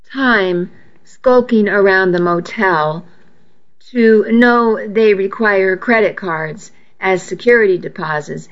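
A woman reading a first-person novel aloud in a measured, intimate storytelling manner, heard on a dull lo-fi recording. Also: medium pitch. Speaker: audiobook narrator.

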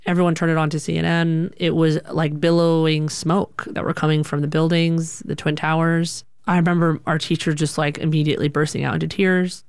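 Low-voiced woman telling a personal story. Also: fairly quick, clear, resonant tone, no room sound, studio quality. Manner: animated, conversational, many "like" fillers. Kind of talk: personal story told to an audience.

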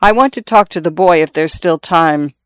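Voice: medium pitch, moderate pace, smooth, no echo, natural voice. A narrator voicing a dying father, insistent and confiding. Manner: confiding, insistent, repeating himself. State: out of breath from a wound. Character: dying middle-aged farmer father, earnest.

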